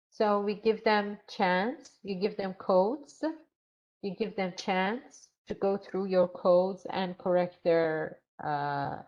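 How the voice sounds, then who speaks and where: Slow-speaking woman teacher trainer. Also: medium pitch, darkish tone. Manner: slow, repeats phrases, acts out teacher and student lines. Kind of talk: grammar teaching workshop. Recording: dull lo-fi sound.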